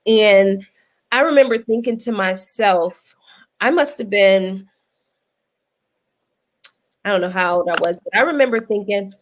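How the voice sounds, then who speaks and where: Animated woman host telling stories. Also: mid-range voice, a little slow, pauses often. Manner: animated storyteller, laughs often, folksy phrasing. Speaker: guest host. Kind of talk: casual panel talk.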